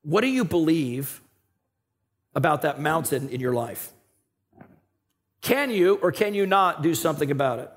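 A male pastor preaching a sermon in a conversational, animated way, swinging between loud emphasis and quiet asides. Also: high voice.

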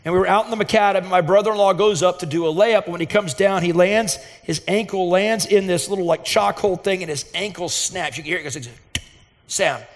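A man's voice: sits high, brisk. A man preaching a sermon as pastor, earnest and emphatic, telling a personal story with fervent intensity. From Texas, USA. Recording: reverberant hall sound.

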